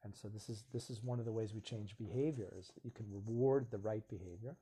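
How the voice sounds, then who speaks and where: Husky, mellow-voiced man talking earnestly. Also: lowish voice, fast. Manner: earnest, reflective, acts out little dialogues. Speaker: host of a live video stream. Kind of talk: casual live-stream talk.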